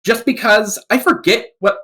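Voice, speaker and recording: Voice narrator guest, mid-pitched, animated storyteller, laughs a lot. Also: moderate pace, slight background noise. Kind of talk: casual podcast chat.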